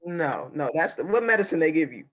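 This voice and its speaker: A woman's voice: low-pitched, very animated, a little fast. Teasing woman podcast host, under the weather. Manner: teasing, playful, laughs often. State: sick, husky laugh. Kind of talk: casual chat. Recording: slightly dull lo-fi sound.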